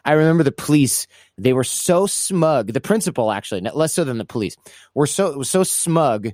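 A man's voice: medium pitch, normal speed, no echo, studio quality. A man telling a casual story in an interview, stumbling and restarting, acting out the people he quotes. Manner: animated, acts out quoted voices, restarts often. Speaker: guest recounting his past.

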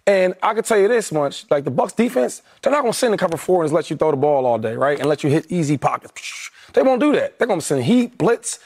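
A man on a sports panel, excitable and rambling, full of "like" and "right?". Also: a little high, quick pace, hardly any pauses. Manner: excitable, rambling, lots of fillers. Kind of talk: casual sports debate.

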